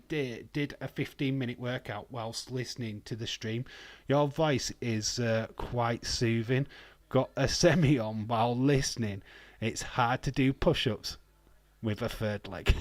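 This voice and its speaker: A man's voice: on the low side, no echo. A Welsh man from Wales, hosting a wrestling watch-along stream with rambling, jokey, sweary casual commentary on a close mic.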